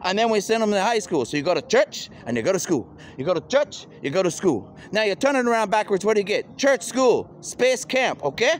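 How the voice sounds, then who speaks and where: A man's voice: high-pitched, big pitch swings, fast, hardly any pauses, a little hiss or hum. A man speaking a rambling, free-associating monologue outdoors, full of wordplay and calling the listener "man".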